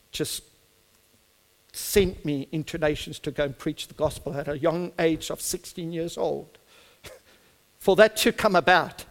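A man's voice: on the high side, big-room sound. A middle-aged man with a South African accent, an Afrikaans speaker, preaching a sermon with fervent delivery that builds to emphatic peaks.

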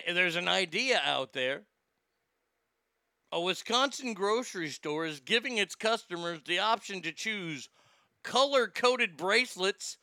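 Gravelly high-voiced sarcastic male host. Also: sharp tone, dry recording, clean studio sound. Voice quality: rambling, sarcastic, stammering. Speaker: comedy show host. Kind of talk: profane comic rant.

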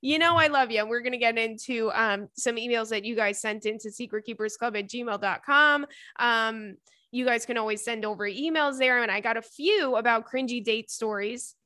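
Young woman podcaster rambling and swearing, bright voice, dry close sound. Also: a little high, normal speed, no echo. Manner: chatty, swearing, lots of fillers and laughs. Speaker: podcast host. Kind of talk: casual chat, reading listener emails.

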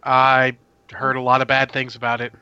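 A man's voice: mid-range voice, completely flat delivery, moderate pace, pushed and bright, clear, resonant tone, no echo, highs cut off. A man hosting a casual movie review chat, talking in a rambling, opinionated way. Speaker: movie review podcast host.

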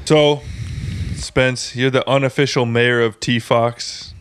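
A man's voice: medium pitch, steady tone, slow pace, a little hiss or hum. A man co-hosting a podcast, joking and teasing in a casual chat, swearing freely. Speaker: podcast co-host.

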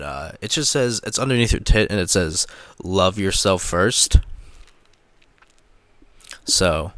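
A man's voice: sits low, a bit bright, no echo. A young man hosting a casual solo podcast, rambling with crude, sarcastic remarks and many filler words. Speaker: podcast host.

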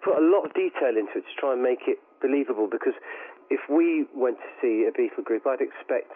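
A man's voice: mid-range voice, expressive, fairly quick. A middle-aged man with a slight southern English accent, answering radio interview questions enthusiastically and rambling with restarts. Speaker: guest musician. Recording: tinny phone line.

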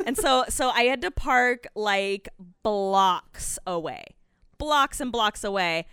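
A young adult woman telling a story in casual chat, animated and swearing freely as she acts out her own panicked lines. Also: mid-range voice, slow, smooth, dry recording, clean studio sound.

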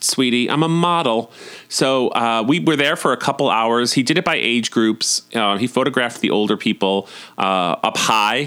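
A man telling casual stories from home as a podcast host, chatty and campy, often jumping up into high, excited swoops. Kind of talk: casual storytelling monologue.

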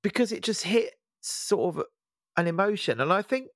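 A man's voice: sits high, big pitch swings, moderate pace, fairly bright tone, no echo, studio quality. A man hosting a casual chat, speaking hesitantly with lots of restarts as he gathers his thoughts.

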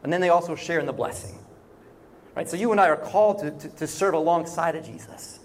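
A man's voice: on the high side, fairly quick, a little hiss or hum. A man preaching a sermon in a conversational way, often acting out short quoted voices. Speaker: pastor.

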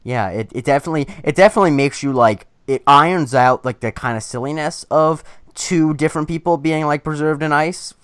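A man's voice: a little high, a little fast, clear, resonant tone, dry recording, clean studio sound. A man on a casual movie podcast, talking enthusiastically and rambling with many restarts. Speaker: podcast co-host.

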